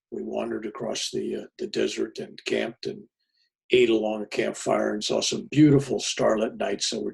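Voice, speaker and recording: A man tells a personal story in a plain, folksy way. His voice is heavily gravelly and rough, and the tone stays raspy throughout. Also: on the low side. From United States. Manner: plainspoken and folksy, with many fillers and restarts. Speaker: pastor.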